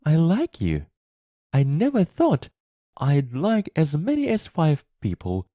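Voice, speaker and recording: A man voicing a lonely, eager young girl in a storybook reading for English learners, with a high, pleading girlish voice. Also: wildly swooping pitch, slow pace, warm tone, no echo, clean studio sound, exaggerated voice.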